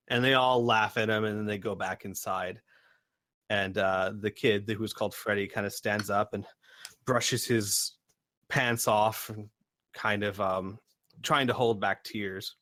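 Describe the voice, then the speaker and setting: A man's voice: lowish voice, steady tone, unhurried, pushed and bright, no echo. A man narrating as game master, rambling with many fillers.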